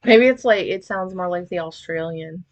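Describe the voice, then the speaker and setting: A woman's voice: lowish voice, moderate pace, dull audio. A woman with a Southern US accent, co-hosting a podcast in a dry, teasing way. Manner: dry, teasing, reins in the jokes. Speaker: podcast co-host. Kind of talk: casual podcast chat.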